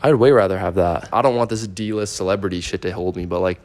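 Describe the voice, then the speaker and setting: A man's voice: low-pitched, fast talker, a little mellow. A young man with a Canadian accent, a podcast guest telling stories in loose, profane casual chat full of fillers. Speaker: guest, rapper.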